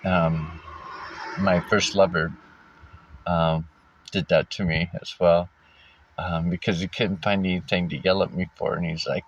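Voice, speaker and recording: Deep-voiced man telling his story haltingly. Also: flat delivery. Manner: halting, frequent fillers and restarts, wry laughs. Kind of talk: casual personal storytelling. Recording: dull lo-fi recording.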